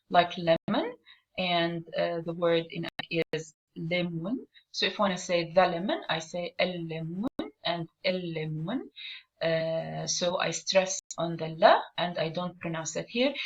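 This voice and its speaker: A woman gives a pronunciation lesson in a fairly low voice, slowing down with care whenever she models a word. She pauses often and fills gaps with small hesitations. The recording sounds dull and lo-fi. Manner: patient, slow and deliberate when modeling pronunciations; frequent fillers and pauses. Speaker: Arabic teacher. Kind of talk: online language lesson.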